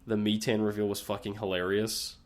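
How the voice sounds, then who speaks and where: Lower-voiced guy on a podcast, blunt, swears constantly. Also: level tone, a little fast. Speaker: podcast co-host. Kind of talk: casual chat.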